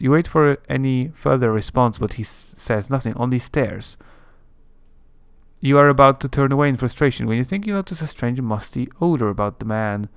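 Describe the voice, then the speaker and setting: A man's voice: mid-range voice, smooth, dry recording. Man reading game text aloud, dry sound. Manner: steady narration with small slips. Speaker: let's-play host.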